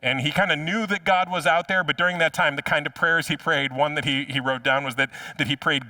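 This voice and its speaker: A man's voice: a little high, fairly even intonation, brisk, few pauses, bright, forceful tone, dry recording, distant mic. A man preaching a sermon as pastor in a conversational way, often repeating words as he restarts a phrase. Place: church.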